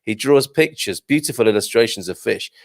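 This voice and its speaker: Brief: male morning-show host, cheerful and chatty, animated pitch. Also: fairly quick, gravelly, no room sound, studio quality. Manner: jovial, reads out viewer comments. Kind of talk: live morning show chat.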